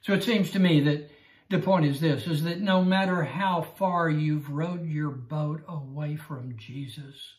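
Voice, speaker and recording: Slow, earnest man teaching a Bible class. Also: on the high side. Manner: earnest, repetitive, stammering restarts. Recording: roomy echo.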